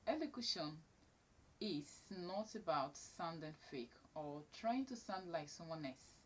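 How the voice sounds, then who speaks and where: A woman's voice: fairly low pitch, slight background noise. A woman teaching elocution to camera, stressing key words and repeating her main points. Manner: emphatic, repeats key phrases. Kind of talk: instructional talk to camera.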